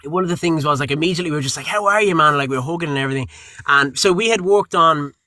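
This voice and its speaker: A young Irish man, a voice actor being interviewed, telling stories in a lively way, acting out quotes and swearing casually. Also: a little high, racing, no echo. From Ireland. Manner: animated storyteller, acts out quotes, swears casually. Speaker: guest voice actor.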